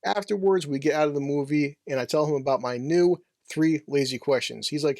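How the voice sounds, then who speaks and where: A man's voice: fairly high pitch, fairly quick, hardly any pauses, a little mellow, no room sound, studio quality. A man giving a casual, brash, joking movie review with some profanity.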